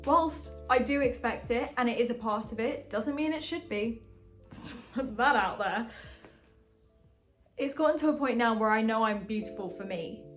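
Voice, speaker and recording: A young woman in her twenties speaks straight to her viewers in a casual vlog, earnest and chatty, with lively asides. Her voice sits a bit high. Music plays clearly under her talk. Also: moderate pace. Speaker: vlogger. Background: background music.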